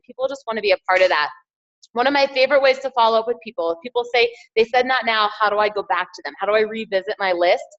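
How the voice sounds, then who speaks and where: A woman's voice: on the high side, a bit bright, muffled recording. A woman giving an upbeat motivational training talk as a team trainer, encouraging her listeners and repeating key phrases.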